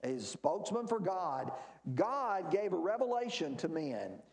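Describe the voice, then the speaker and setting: A man leads a church Bible class in an emphatic teaching manner, often asking a question and then answering it. His voice sits high and swings widely in pitch. The sound carries the echo of a roomy church space. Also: sing-song, a little slow, vocal fry, a little mellow.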